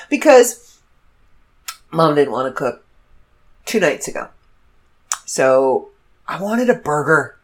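Slow, animated woman telling a story. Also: fairly low pitch. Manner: animated, laughs while telling a funny story. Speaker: podcast host. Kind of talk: casual storytelling monologue.

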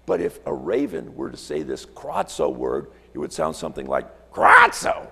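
Gravelly male preacher in a reverberant church. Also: rumbling low, wildly swooping pitch, moderate pace, a little mellow. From Alaska. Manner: storytelling, rhetorical questions, repeats words. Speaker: visiting pastor. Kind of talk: sermon. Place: church sanctuary.

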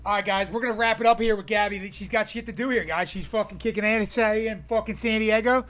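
A man's voice: high voice, fairly even intonation, fairly quick, a bit bright. A man hosting a casual podcast, brash and profane, often talking straight to his listeners. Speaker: podcast host.

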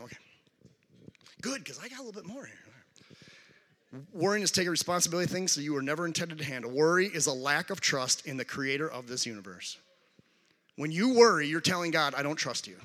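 A man preaching a sermon as a guest speaker, calling out questions to the congregation and animated in delivery. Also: high voice, big-room sound. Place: church sanctuary.

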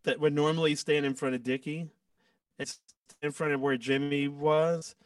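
A man, a guest musician, telling stories in a casual, animated way and acting out quoted lines. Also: a little high, moderate pace, dry recording, recorded from a distance. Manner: animated, acts out quotes with laughs. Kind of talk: casual storytelling.

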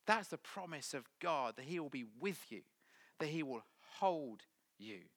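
A middle-aged man preaches a sermon, his voice bright and ringing. He builds to loud, emphatic lines, then drops to hushed, almost whispered words. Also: on the high side, animated, a little slow, dry recording. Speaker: pastor.

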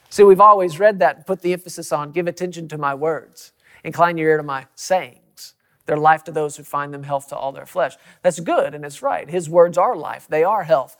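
Guy preaching, kinda high voice, gets loud and punchy on the scripture bits. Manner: emphatic, rising for quoted scripture. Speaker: pastor. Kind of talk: preaching in a church talk.

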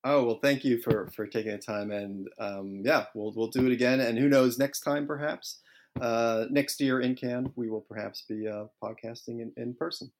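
A man's voice: mid-range voice, steady tone, moderate pace. A man hosting an interview podcast, friendly and filler-heavy, laughing easily. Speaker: podcast host.

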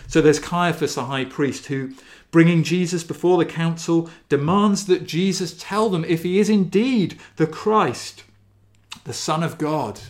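A man preaching a sermon, reading scripture passages in a measured, earnest way. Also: on the high side. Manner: slow, measured and earnest, lingering on key phrases.

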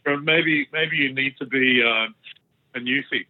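An Australian man, a guest author, chatting in a friendly, joking way during an interview. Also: mid-range voice. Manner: chatty, friendly, quick to joke. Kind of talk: casual interview chat. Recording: tinny phone-line sound.

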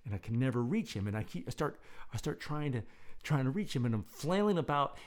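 A man's voice: mid-range voice, very animated, a little fast. A man telling a casual, rambling story with self-deprecating humor. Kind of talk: casual anecdote.

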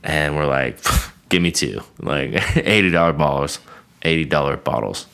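Very deep-voiced monotone man. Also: normal speed, creaky, clean tone. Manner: self-described monotone, swears freely. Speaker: podcast host; military veteran. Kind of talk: casual chat over drinks.

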